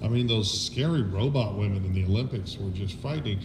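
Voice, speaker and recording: A man's voice: lowish voice, fast, background noise. A middle-aged man hosting a casual political chat, talking bluntly and swearing freely as he rants his opinions. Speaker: podcast host.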